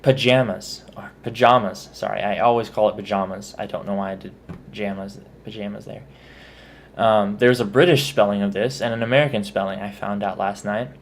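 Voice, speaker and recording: A man's voice: fairly low pitch, fairly even intonation, fairly quick, slight background noise. A man with a Texan accent, chatting casually in a vlog and correcting himself as he goes. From Texas. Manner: chatty, self-correcting, spells words out letter by letter. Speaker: vlogger. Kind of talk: casual accent tag video.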